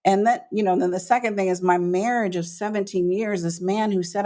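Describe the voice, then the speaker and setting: A woman's voice: medium pitch, normal speed. A middle-aged woman, a business coach, telling her story as a guest on an interview podcast, emphatic and acting out what people said. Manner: animated storyteller, acts out quoted voices, emphatic.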